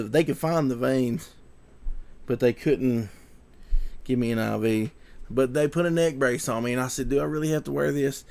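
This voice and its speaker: A man's voice: medium pitch, gravelly, a little mellow. A young man telling a story to camera, rambling and repeating himself and sounding shaken. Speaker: vlogger.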